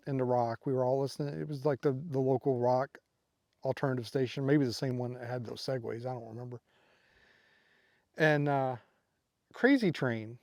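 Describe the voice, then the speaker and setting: At a waterside campsite, a middle-aged vlogger who didn't sleep last night tells loose, meandering stories stuffed with fillers, sounding easygoing and tired. His voice is ordinary in pitch and slightly mellow. It's recorded dry and up close, without any echo.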